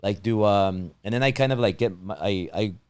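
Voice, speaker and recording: A man's voice: lowish voice, normal speed, clear, resonant tone, dry recording. A man hosting a casual interview, talking with a tired, strained voice he says is going, rambling with many restarts. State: losing his voice, strained throat. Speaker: podcast host.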